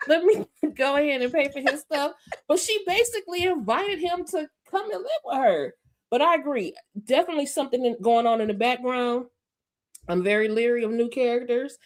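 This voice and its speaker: A woman talks through a TV episode. She is animated and exclamatory, and her remarks come quick and loud. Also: high voice. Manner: animated, laughs easily, exclamatory. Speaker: recap co-host. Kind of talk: casual TV recap chat.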